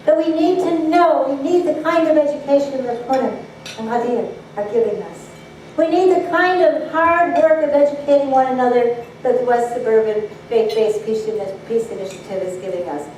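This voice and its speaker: A woman giving a public address, telling stories in an earnest, measured way, recorded from far off in an echoey hall. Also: sits high, darkish tone, a little hiss or hum. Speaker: speaker. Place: banquet hall.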